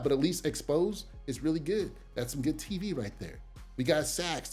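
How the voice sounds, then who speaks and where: Excitable high-voiced male recap host. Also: husky. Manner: animated, profane, excitable. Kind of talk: casual episode recap.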